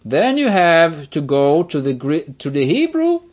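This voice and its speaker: A man teaching a step-by-step screen-share lesson, slowly explaining and checking in with listeners. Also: a little high, huge pitch swings, darkish tone, muffled recording. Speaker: Bible teacher.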